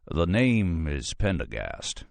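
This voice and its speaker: A man voicing a cultured, courteous male FBI agent with a soft voice and a formal, unhurried way of speaking. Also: on the low side, big pitch swings, vocal fry, dry recording. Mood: poised.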